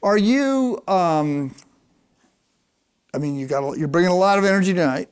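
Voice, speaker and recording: A male interviewer asks questions on stage in a searching, halting way, restarting his sentences. His voice is high for a man and clear and smooth. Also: animated.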